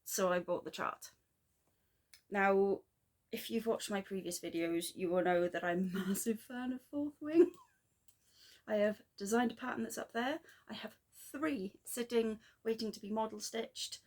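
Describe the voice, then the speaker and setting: A woman's voice: mid-range voice, darkish tone. Chatty rambling woman vlogger. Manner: chatty, rambling, self-deprecating, quick asides. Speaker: flosstube vlogger. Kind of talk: casual chat.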